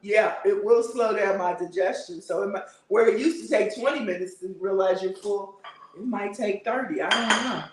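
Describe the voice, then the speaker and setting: A man's voice: sits high, moderate pace, recorded from a distance. A man hosting a casual livestream, chatting and answering viewer comments with frequent laughter. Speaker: livestream host. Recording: roomy, a bit off-mic.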